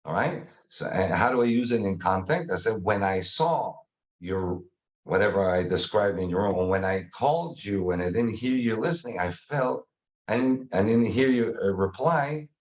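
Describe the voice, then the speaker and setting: A man guest explaining a communication method in casual conversation, animated and acting out examples. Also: lowish voice, normal speed, highs cut off. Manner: animated, acts out examples with faces and sounds.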